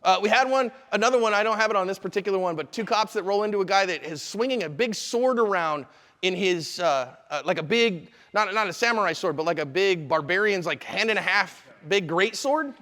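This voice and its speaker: Man, instructor, live seminar, energetic, conversational, high-ish voice, hall echo. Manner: energetic, conversational, quick asides. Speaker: self-defense instructor.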